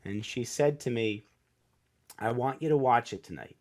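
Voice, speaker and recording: A middle-aged man speaks as a podcast guest in an earnest, heartfelt way. He acts out the people in his story as he goes. His voice sits at an ordinary pitch, neither high nor low. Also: moderate pace, darkish tone. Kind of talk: casual storytelling interview.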